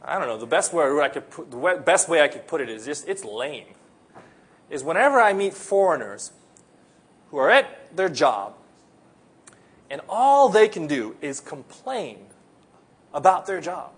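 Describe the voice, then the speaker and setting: A man's voice: a little high, big pitch swings, unhurried, long pauses, slightly rough. A man from the Philippines, preaching a sermon in an earnest, conversational way. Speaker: pastor.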